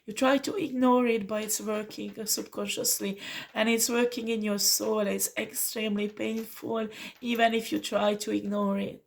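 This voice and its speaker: Gravelly and flat, a medium-pitched female voice moves at normal speed through a spiritual tarot reading. The reader pleads earnestly with the listener and calls them honey.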